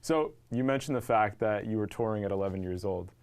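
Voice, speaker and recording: A man's voice: on the low side, a little fast, darkish tone, clean tone. A man interviewing a guest in an easygoing, friendly way. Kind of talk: casual interview.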